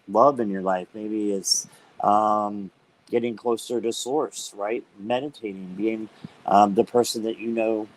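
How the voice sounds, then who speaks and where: A man hosting a live stream, chatting casually with viewers by name and reading tarot cards, upbeat and quick to laugh. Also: lowish voice, low-quality recording. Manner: chatty and upbeat, laughs often while talking; talks directly to viewers by name.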